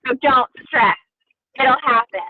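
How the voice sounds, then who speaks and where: A woman putting on a slow, soothing Boston mentor. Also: high-pitched, slight background noise. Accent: Boston imitation. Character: woman mimicking a calm Boston-accented mentor. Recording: tinny phone-like line.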